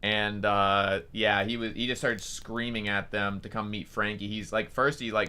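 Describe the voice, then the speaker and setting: A man's voice: fairly low pitch, level tone, normal speed, few pauses, pushed and bright, clean tone. A young man, a streamer, telling a story casually, rambling with lots of fillers and swearing.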